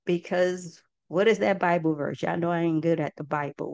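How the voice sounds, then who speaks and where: A woman's voice: lowish voice, steady tone, moderate pace, creaky, darkish tone, no room sound, highs cut off. A woman hosting a group talk for an online audience, speaking in a heartfelt, folksy way and often calling her listeners "y'all". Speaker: host and project founder.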